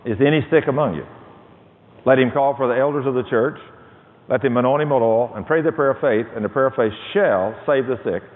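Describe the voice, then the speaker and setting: Preacher telling a testimony, tinny hall sound. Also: male voice, mid-range voice, fairly quick. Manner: storytelling, dramatic quoted dialogue. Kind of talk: sermon testimony. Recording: tinny phone-like audio with long reverb.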